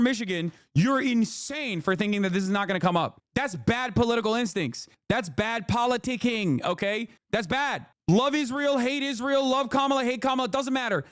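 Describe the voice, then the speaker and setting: A man's voice: high-pitched, no room sound, studio quality. A man in his thirties giving blunt, profane, exasperated live reaction commentary as a political streamer.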